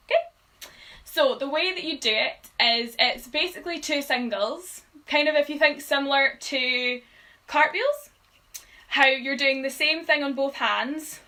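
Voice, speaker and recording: A woman's voice: high voice, bright, forceful tone, poor audio. A woman giving a live-streamed drumming lesson, patiently counting beats aloud with frequent ums. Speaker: drum tutor.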